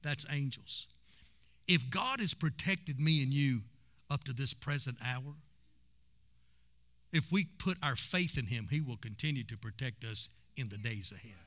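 A man's voice: medium pitch, expressive, a little slow, fairly bright tone. A man preaching a sermon and telling stories with emphasis. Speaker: pastor.

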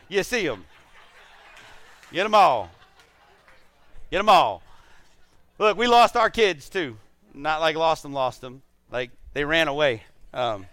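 A man's voice: on the high side, clear, resonant tone, dry recording. A middle-aged man preaching to his church, telling funny, self-deprecating stories before turning earnest. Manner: animated storytelling, self-deprecating humor. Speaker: pastor. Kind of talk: sermon.

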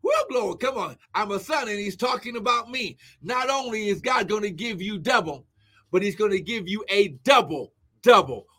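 A man preaching a fervent live-streamed sermon, shouting exclamations of glory and breaking into tongues as he prays. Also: high-pitched, normal speed. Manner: speaks in tongues between phrases.

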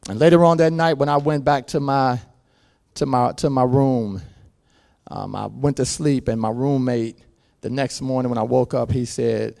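A male pastor preaching a sermon, moving from quiet storytelling to loud shouted passages. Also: mid-range voice, steady tone, normal speed, gravelly.

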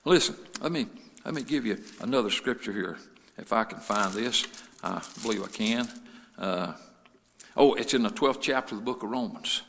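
A male pastor preaching a sermon, moving between quiet storytelling and loud, fervent preaching. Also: on the low side, animated, normal speed, creaky, long reverb tail, slight background noise.

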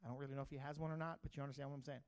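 A middle-aged pastor, preaching a sermon in a conversational storytelling way, swinging from loud bursts to quiet asides. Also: male voice, mid-range voice, level tone, very fast, smooth.

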